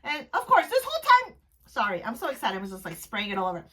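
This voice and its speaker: A woman from New Jersey telling a casual storytime recap on her vlog, gushing and excitable, rambling with restarts. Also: mid-range voice, racing, husky. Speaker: vlogger.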